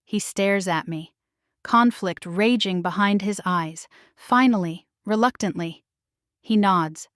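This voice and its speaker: A woman reads a first-person romance story at a slow, deliberate pace. Her voice sits at a middle pitch and sounds dry and close, with no room echo. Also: fairly bright tone. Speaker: audiobook narrator.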